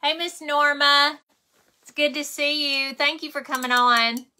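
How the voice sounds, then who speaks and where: A woman's voice: high voice, fairly even intonation, unhurried, bright, forceful tone. A woman hosting a craft livestream, chatting casually while she paints and thanking viewers by name.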